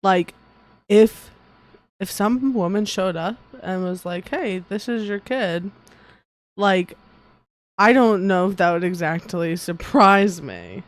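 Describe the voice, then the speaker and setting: A woman in a middle-pitched voice chatting on a podcast with her partner. She talks in a hesitant, halting way, full of "like" fillers. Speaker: podcast co-host. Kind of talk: casual chat.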